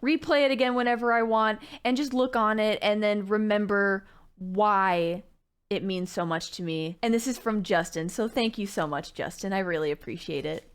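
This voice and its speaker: A woman's voice: mid-range voice, moderate pace, smooth. A young woman unboxing birthday gifts on her vlog, gushing thanks and tossing in jokey asides. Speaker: gaming YouTuber unboxing gifts. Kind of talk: casual vlog chat.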